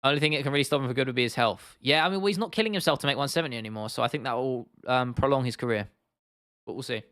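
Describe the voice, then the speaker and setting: A man's voice: mid-range voice, very fast, a bit bright, no echo, studio quality. Rambling man hosting a livestream. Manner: rambling, swears freely, lots of restarts and fillers. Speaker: MMA livestream host. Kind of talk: casual livestream chat, reading out viewer comments.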